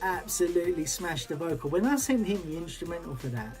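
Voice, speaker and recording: A man's voice: fairly high pitch, lively intonation, fairly quick, faint music behind. A man hosting as a DJ, chatting casually and upbeat, with loose slangy talk. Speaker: DJ and show host. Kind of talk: casual livestream chat.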